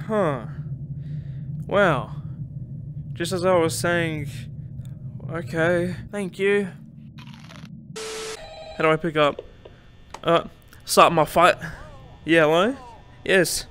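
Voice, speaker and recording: A man's voice: sits high, takes it slowly, long pauses, over music. A young man streaming a game, joking and swearing as he yelps at frights, with a slightly cracky voice. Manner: jokey, swears and yelps when startled. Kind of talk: excitable gameplay commentary.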